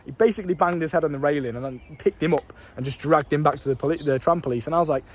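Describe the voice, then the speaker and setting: A young dating coach vlogger gives dating advice straight to camera in a casual monologue, telling stories, speaking bluntly and swearing freely. His voice is a little high and he talks very fast. There is a slight hiss or hum on the recording.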